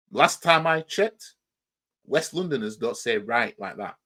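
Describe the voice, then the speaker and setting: A man's voice: medium pitch, lively intonation, unhurried, sharp tone. A man with a Yorkshire accent, hosting a reaction channel and mockingly commenting on a clip, often asking "you know what I mean".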